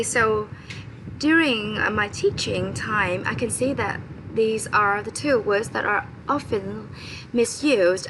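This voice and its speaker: Woman teacher, non-native English speaker from Vietnam, patient letter-by-letter spelling, faint hiss behind. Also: mid-range voice. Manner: spells words letter by letter, frequent "okay?" checks. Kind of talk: vocabulary lesson.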